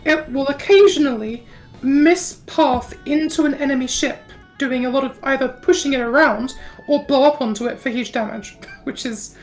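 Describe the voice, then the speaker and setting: A woman's voice: sits high, normal speed, soft background music. A woman with a mixed Yorkshire and South African accent, co-casting a live game tournament, giggling and rambling as she loses her words. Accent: mix of Yorkshire and South African. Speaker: tournament co-caster.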